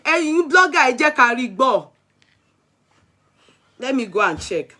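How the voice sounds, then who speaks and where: A woman's voice: sits high, big pitch swings, measured pace, pauses often, pushed and bright. A Nigerian woman vlogger chatting live with her viewers, exclamatory and switching between Pidgin and Yoruba. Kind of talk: live-stream chat with viewers.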